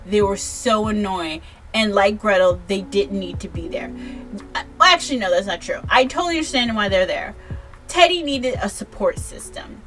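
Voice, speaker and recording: A woman's voice: mid-range voice, a bit bright. Tipsy rambling woman reviewing a book. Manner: rambling, swears freely, frequent restarts.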